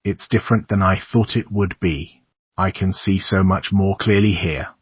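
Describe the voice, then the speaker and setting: A man's voice: deep voice, fairly even intonation, moderate pace, slightly rough, dry recording, lo-fi sound. A man voicing a dazed young man who talks dreamily, as if from far away. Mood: dreamy. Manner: dreamy, faraway.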